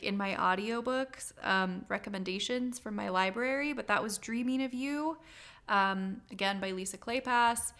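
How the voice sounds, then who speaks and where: A woman's voice: mid-range voice, fairly bright tone, clean tone. Easygoing woman chatting about books. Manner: easygoing, laughs along, filler-heavy. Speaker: podcast co-host. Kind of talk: casual book chat.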